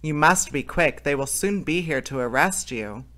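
Man voicing a young girl, storybook reading, bright voice, urgent. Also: fairly high pitch, lively intonation, normal speed. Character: clever young girl tricking robbers.

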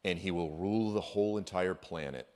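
A man giving an energetic, conversational sermon as a guest speaker in a church, with casual slang and frequent asides. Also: low voice, a little fast.

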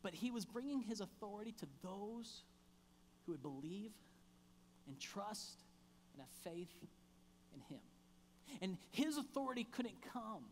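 Pastor, male, fervent sermon delivery with dramatic pauses; live church room with reverb and light hum. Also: high-pitched, big pitch swings. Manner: impassioned preaching with emphatic pauses and repeated phrases. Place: church sanctuary.

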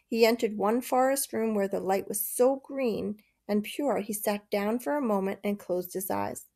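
A woman reading a children's novel aloud, steady and measured. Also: mid-range voice. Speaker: narrator. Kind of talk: storybook reading.

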